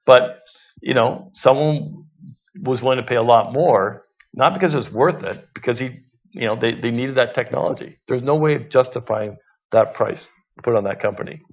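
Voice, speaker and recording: Gravelly-voiced man telling a story. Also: mid-range voice, normal speed. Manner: storytelling with many restarts. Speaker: panelist. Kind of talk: panel discussion anecdote. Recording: muffled lo-fi sound.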